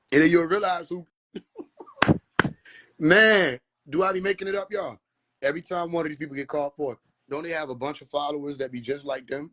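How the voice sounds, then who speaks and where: A man hosting a casual livestream, talking in an animated, preachy way and mocking people with laughs. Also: fairly high pitch. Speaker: livestream host. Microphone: phone.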